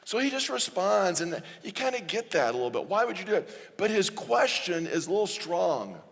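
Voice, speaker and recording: Male pastor, higher voice, chatty sermon delivery, reverberant sanctuary sound. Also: expressive, a little fast, fairly bright tone. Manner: conversational preaching, acts out quotes. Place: church sanctuary.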